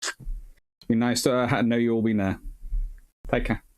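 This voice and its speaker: A tired man of middle pitch hosts a history livestream, rambling as he reads the chat aloud. He thanks viewers one by one in a loose, chatty sign-off. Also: level tone, measured pace. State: tired, short on sleep. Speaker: naval history host and academic.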